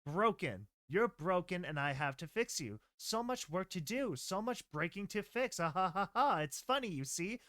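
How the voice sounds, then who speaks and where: A man's voice: high voice, big pitch swings, normal speed, hardly any pauses, a bit bright, no room sound, clean studio sound. A man voicing an unhinged young pegasus mare who giggles and fixates on repeating phrases in a singsong way.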